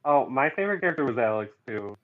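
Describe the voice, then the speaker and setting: A man's voice: mid-range voice, very animated, fast. A man as the guest on a casual podcast chat, easygoing and laughing along. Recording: dull lo-fi sound.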